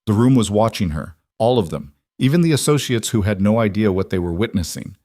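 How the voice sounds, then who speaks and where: A man narrating a romantic drama story in a measured, dramatic scripted reading. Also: on the low side, lively intonation, darkish tone, no echo, studio quality.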